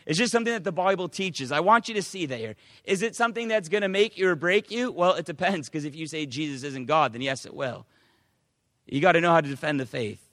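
Man, pastor, emphatic sermon, loud then quiet asides, high voice, long hall reverb. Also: animated, quick pace, studio quality.

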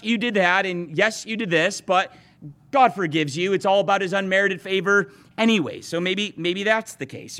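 A man's voice: high-pitched, pushed and bright, smooth. A male pastor preaching a sermon to his congregation, talking earnestly and often restarting or repeating words as he speaks. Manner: addresses the congregation directly.

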